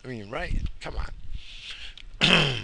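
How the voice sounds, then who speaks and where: A man's voice: mid-range voice, animated, takes it slowly, gravelly, a crowd in the background, poor audio. A tired man, a father, rambling and swearing as he talks to himself in a casual vlog. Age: adult with a child. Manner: profane, rambling, muttering to himself. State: exhausted. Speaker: vlogger.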